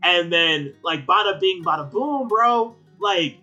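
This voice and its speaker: High-voiced young man in slangy chat. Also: lively intonation, takes it slowly, bright, forceful tone, dull audio, soft background music. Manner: rambling, slangy, lots of "like" and "bro". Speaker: podcast co-host. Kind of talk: casual anime review chat.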